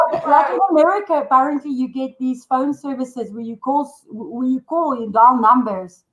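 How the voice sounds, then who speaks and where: A woman's voice: high voice, normal speed, a bit bright, echoey room, muffled recording. A woman with an Afrikaans South African accent, a guest on a live video call, bubbly and teasing and slipping into Afrikaans. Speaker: guest, awards organiser. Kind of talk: playful live-stream chat.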